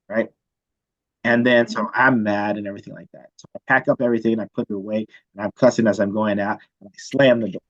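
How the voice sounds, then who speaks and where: A man teaching chemistry, telling a story from his student days in a casual, animated way and checking in with "right?" often. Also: on the low side, dull audio. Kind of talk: storytelling lecture.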